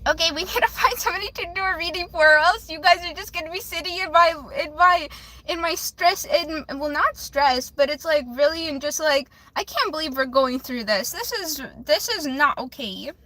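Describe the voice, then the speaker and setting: Woman streamer, high bright voice, rambling and restarting, soft-swears with "flip". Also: moderate pace. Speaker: livestream host doing readings for viewers. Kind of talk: emotional casual livestream talk.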